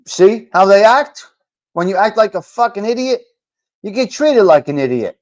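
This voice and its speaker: A man's voice: a little high, animated, unhurried, darkish tone. A man with a New York accent hosting a live talk show, rambling and repeating himself with some swearing. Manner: rambling and repetitive, profane. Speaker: host.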